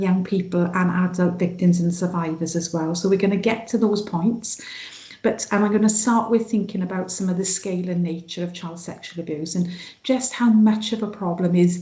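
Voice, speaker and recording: A woman's voice: lowish voice, dark tone, roomy sound. A woman with a sing-song Welsh Valleys accent giving an online training talk over a video call, with many fillers and restarts. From Wales.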